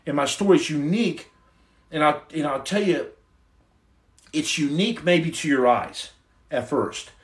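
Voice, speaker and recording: Earnest preachy man, fairly high voice. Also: measured pace, pauses often. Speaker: livestream host. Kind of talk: casual livestream testimony.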